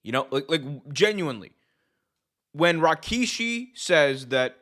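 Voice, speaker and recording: A man's voice: a little high, measured pace. A young adult man hosting a wrestling show, ranting casually to his viewers, repeating points and restarting sentences as he goes. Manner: animated, repeats himself, frequent restarts and fillers. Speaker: wrestling podcast host. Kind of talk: casual opinion rant to live viewers.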